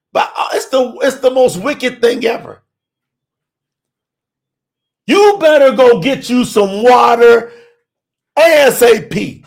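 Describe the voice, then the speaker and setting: Fiery high-voiced preacher man, gravelly. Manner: urgent, shouting, pleading. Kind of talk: fiery sermon.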